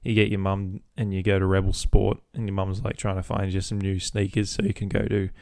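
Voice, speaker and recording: A man's voice: low-pitched, monotone, a little fast, creaky, darkish tone, dry recording, clean studio sound. A young Australian man hosting a solo podcast, rambling casually and swearing freely. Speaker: podcast host.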